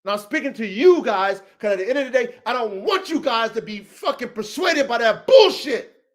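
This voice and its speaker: A man hosting a show about his dogs, ranting profanely to viewers, swinging from low mutters to heated shouting, with repeats and restarts. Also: expressive, moderate pace. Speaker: podcast host and dog breeder. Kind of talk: rant to viewers.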